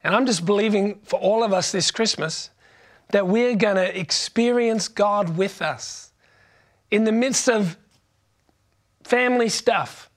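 A man preaches in a relaxed, joking storytelling way, his voice sitting notably high for a man. He restarts phrases often and keeps the tone conversational. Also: measured pace. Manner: conversational and humorous, frequent restarts. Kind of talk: sermon with personal storytelling.

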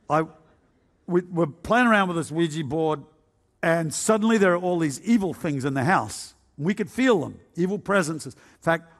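A man preaching a humorous testimony sermon, telling his story with self-mocking jokes and frequent filler uhs. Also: a little high. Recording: long hall reverb.

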